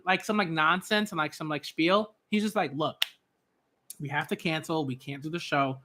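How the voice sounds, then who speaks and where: A man hosting a live manga reaction, talking in an excitable, gushing way with lots of fillers. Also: high-pitched, a little fast.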